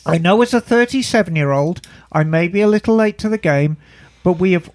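A man's voice: high-pitched, brisk, a little mellow, dry recording, studio quality. A man co-hosting a podcast, reading a listener email aloud and breaking in with playful jokey asides. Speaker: podcast co-host.

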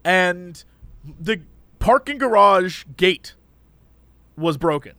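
A young man co-hosting a podcast in casual chat, an animated storyteller who slips into quoted voices. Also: high-pitched, slow pace, no echo. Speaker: podcast co-host. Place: Los Angeles area.

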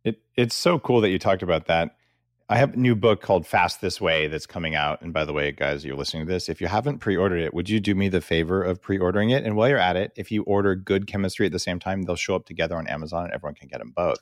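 A man's voice: low voice, fast, dry recording, clean studio sound. A man hosting an interview podcast, speaking casually and directly as he reflects and asks questions. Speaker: podcast host. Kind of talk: conversational interview.

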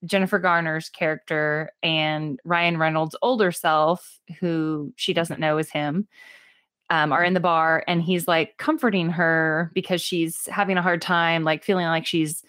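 A woman co-hosting a casual movie podcast, chatty and quick to laugh. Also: low voice, steady tone, a bit bright, smooth, no room sound, clean studio sound. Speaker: podcast co-host.

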